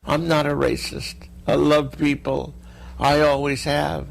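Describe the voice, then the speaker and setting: An older man with a gravelly voice, speaking slowly and haltingly as an interview guest. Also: fairly high pitch, flat delivery. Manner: slow, halting, apologetic. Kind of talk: recorded TV interview.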